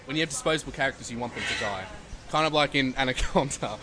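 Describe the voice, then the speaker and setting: A man's voice: mid-range voice, fast, pushed and bright, slight background noise. A man playing along as a contestant in a casual movie chat, joking and laughing often.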